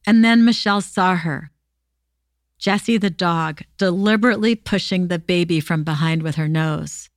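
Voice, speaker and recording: A woman hosting a podcast, reading true stories aloud in a steady, expressive way. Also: on the low side, normal speed, no room sound, clean studio sound. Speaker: podcast host.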